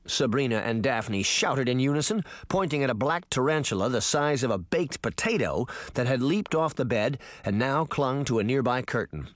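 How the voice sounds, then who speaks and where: A man narrating a children's novel in an expressive storytelling manner, voicing each character. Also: mid-range voice, moderate pace, few pauses, no echo, clean studio sound. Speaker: audiobook narrator. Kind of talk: scripted narration.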